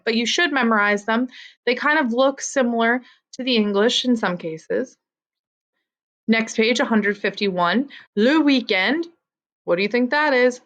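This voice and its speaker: A woman teaching a vocabulary lesson to students, with slow repeat-after-me drilling. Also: medium pitch. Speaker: French teacher.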